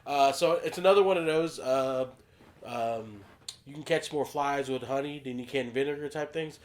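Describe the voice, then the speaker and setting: A man co-hosting a casual podcast, telling an animated story, acting out quotes and swearing freely. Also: medium pitch, moderate pace. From United States. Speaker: podcast co-host.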